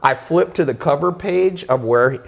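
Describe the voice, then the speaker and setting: A man hosting a casual talk, telling a story in an animated way and acting out the voices of the people in it. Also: a little high, normal speed, creaky, in a large hall. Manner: animated, acts out quoted voices. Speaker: podcast host.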